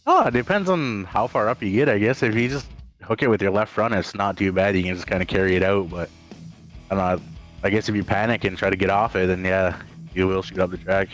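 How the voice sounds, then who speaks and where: A man's voice: deep voice, fairly quick, faint music behind. A man who finished second in the race, explaining his driving in a plain, matter-of-fact way during an interview. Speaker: second-place race driver.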